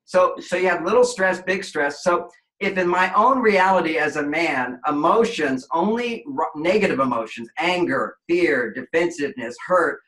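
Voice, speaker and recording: A man's voice: on the high side, animated, normal speed, fairly bright tone. A man guest on an interview show, explaining relationships in an expansive way and acting out quoted voices. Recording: echoey room.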